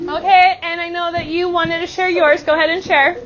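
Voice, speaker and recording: A woman's voice: extremely high pitch, little pitch movement, a crowd in the background. A woman teaching a classroom vocabulary lesson, upbeat and encouraging. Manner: upbeat, encouraging, slow and clear. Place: school classroom. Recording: muffled classroom audio with chattering kids.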